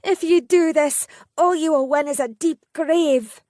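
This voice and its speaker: A woman doing a defiant young Highland lass. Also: unhurried, dark tone, no echo, studio quality.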